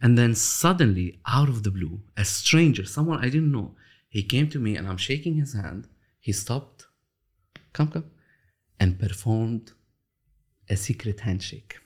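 A man with a fairly low voice talks through his ideas in an interview. He speaks thoughtfully, with frequent pauses, restarts and slowed-down emphasis. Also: expressive. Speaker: interview guest, author of a love system. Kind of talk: reflective storytelling interview.

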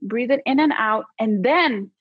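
A woman psychologist, a podcast guest, explaining how to handle emotions in a lively, coaching way with casual fillers. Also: fairly high pitch, a little slow, slightly rough, no room sound. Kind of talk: conversational podcast advice. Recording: slightly dull, dry podcast audio.

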